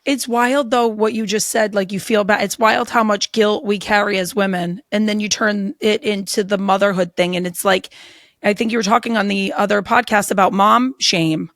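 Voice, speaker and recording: A woman's voice: mid-range voice, steady tone, normal speed, no room sound, studio quality. A woman hosting a podcast interview, talking frankly and bluntly, swearing casually. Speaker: podcast host.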